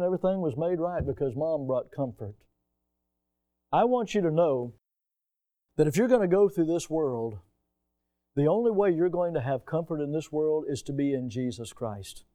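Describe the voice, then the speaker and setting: A middle-aged man preaching a sermon, telling a personal story and stretching key words slowly for emphasis. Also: fairly high pitch, mellow. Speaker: pastor.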